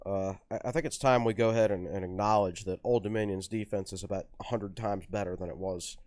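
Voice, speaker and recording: A man's voice: lowish voice, fairly even intonation, fairly quick, a little mellow, dry recording, clean studio sound. A man co-hosting a sports podcast, talking conversationally with frequent fillers and restarts. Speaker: podcast co-host, sports writer. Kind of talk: casual podcast chat.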